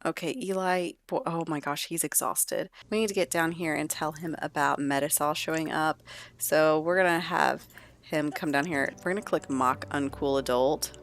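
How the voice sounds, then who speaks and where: A woman's voice: low-pitched, steady tone, normal speed, slight background noise. A woman giving chatty, playful commentary while playing a life-sim game. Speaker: let's play host. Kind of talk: casual gameplay commentary.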